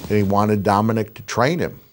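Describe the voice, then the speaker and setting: A middle-aged man and retired wrestler telling animated, rambling stories in a casual podcast chat. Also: on the low side, fairly quick, slight background noise. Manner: animated, rambling anecdotes with restarts.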